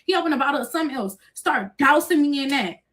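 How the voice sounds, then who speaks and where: A fast-talking young woman with a high voice shares a messy personal story with her audience. Her telling is profane and lively, full of curse words and acted-out dialogue.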